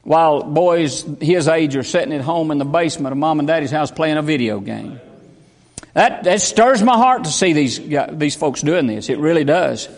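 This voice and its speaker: A man's voice: on the high side, lively intonation, moderate pace. A man, preaching a fervent, folksy sermon as pastor. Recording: long hall reverb.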